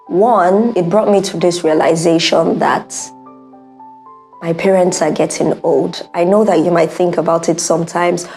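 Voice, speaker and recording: A woman's voice: fairly low pitch, fairly even intonation, a little slow, darkish tone, faint music behind. A young woman speaking in an earnest, heartfelt personal monologue, repeating her points for emphasis. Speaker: vlogger.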